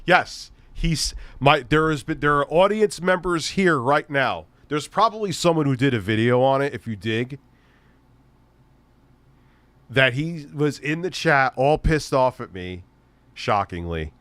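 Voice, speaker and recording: A man's voice: mid-range voice, expressive, measured pace, a bit bright, no room sound. Sarcastic, profane male streamer. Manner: profane, sarcastic ranting with frequent laughs. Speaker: streamer host. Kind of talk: casual livestream commentary.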